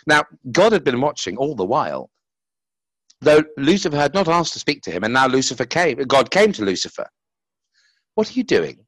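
A man reading a story aloud in an expressive, dramatic way, voicing its characters. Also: brisk, no room sound. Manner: dramatic, with wide swings of pitch and loudness.

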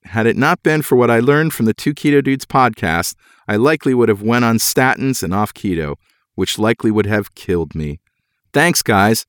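A man co-hosting a podcast, reading listener mail aloud in a lively way and acting out the quoted dialogue. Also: mid-range voice, clear, resonant tone, no room sound, studio quality. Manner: animated reader, acts out quoted dialogue. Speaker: podcast co-host.

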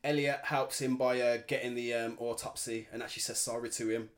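A young man, co-hosting a podcast in casual chat, animated and slangy, acting out quotes. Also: mid-range voice, fairly quick. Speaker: podcast co-host.

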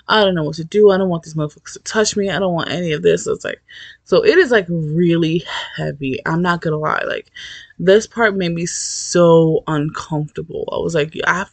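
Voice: mid-range voice, creaky, no room sound. A person casually recapping a novel in a rambling, profane, candid way with lots of fillers. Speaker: book reviewer. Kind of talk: casual book recap vlog.

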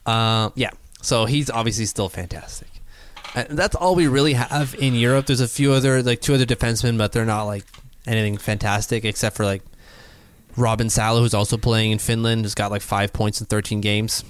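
A man's voice: on the low side, fairly quick, clean tone, no room sound. A man co-hosting a casual sports podcast, rambling and hedging as he talks. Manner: rambling, hedging, lots of fillers and restarts. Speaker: podcast co-host.

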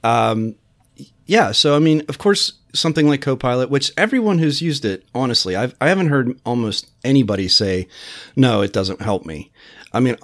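A mid-pitched man explaining a point in casual podcast chat. He works his ideas out aloud as he goes. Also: animated, normal speed, a bit bright.

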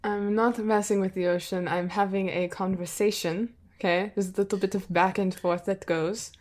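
A woman's voice: medium pitch, fairly even intonation, normal speed, darkish tone. A woman playing a tabletop game who chats in a giggly, playful way. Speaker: player. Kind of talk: casual tabletop game chat.

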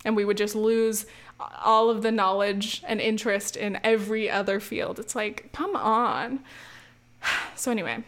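With a medium-pitched, slightly bright voice, fairly even intonation and a measured pace, a young American student vlogs a casual rant. She chats along with plenty of fillers, restarts and curse words.

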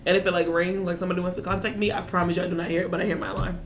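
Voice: medium pitch, little pitch movement, rapid-fire, slight background noise. A teen podcast co-host chatting casually and teasing friends playfully. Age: teens. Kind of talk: casual chat.

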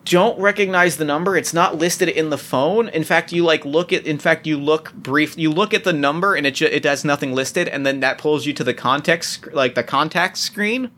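Bright-voiced man running a tabletop game. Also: on the high side. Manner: halting, many restarts and fillers. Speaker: game master.

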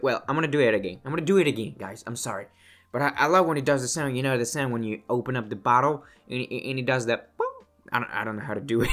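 A man's voice: medium pitch, a little fast, a bit bright, soft background music. A man talking casually as a whiskey vlogger, rambling and restarting his sentences and swearing now and then. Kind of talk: casual chat.

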